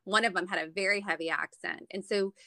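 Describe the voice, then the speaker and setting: A woman's voice: mid-range voice, fairly even intonation, a little fast, vocal fry, sharp tone, dry recording. A woman from Florida chatting casually and telling stories about her family, with many restarts. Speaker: guest. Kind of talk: casual chat. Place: Northern Virginia.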